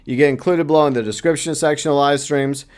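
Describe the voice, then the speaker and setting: A man's voice: on the high side, fairly even intonation, quick pace, darkish tone, smooth. A man hosting a casual livestream, chatting loosely and reading out viewer comments. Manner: chatty, reads chat aloud, playful asides. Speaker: livestream host.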